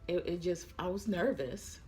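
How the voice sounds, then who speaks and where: A woman's voice: lowish voice, normal speed, warm tone, soft background music. A young woman flight attendant chats casually to her viewers, tired and yawning, calling them y'all. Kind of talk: casual chat to camera.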